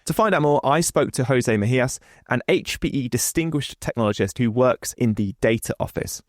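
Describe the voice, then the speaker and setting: A man co-hosts a tech podcast in a playful, easygoing way and introduces the guest. His voice sits at an ordinary middle pitch. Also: lively intonation, normal speed, no echo, studio quality. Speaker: podcast co-host.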